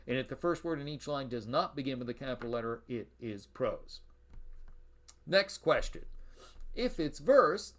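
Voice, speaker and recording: Man, university lecturer, explanatory classroom delivery, chants stress beats, average pitch. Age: adult, past high school.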